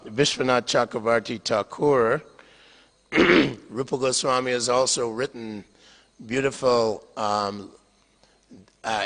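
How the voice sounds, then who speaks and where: An older man tells a sacred story to an audience in a tone that is bright and forward. He pauses often, chuckling and clearing his throat. His voice carries a long reverb through a temple hall. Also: mid-range voice. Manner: halting, with frequent fillers, chuckles and throat clearing. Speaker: lecturer on scripture. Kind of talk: storytelling scripture lecture.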